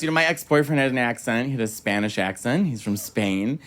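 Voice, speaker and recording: A man doing a stand-up comedy set in a club, telling stories in an animated, theatrical way with sudden bursts of excitement. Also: medium pitch, a little fast, few pauses.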